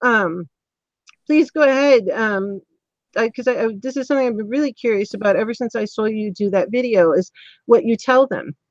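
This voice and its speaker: Woman host, somewhat high voice, meandering, lots of ums; muffled, dry lo-fi audio. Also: moderate pace, no room sound. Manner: rambling, many ums and restarts. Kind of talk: casual interview chat.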